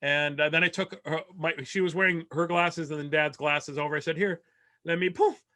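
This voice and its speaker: A man with a fairly high, bright voice tells a long comic story about his family over a video call. He rambles along, stammers through restarts and laughs at his own punchlines. The sound is dry and close, with no room around it. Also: fairly even intonation, brisk, no echo. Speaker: comedian.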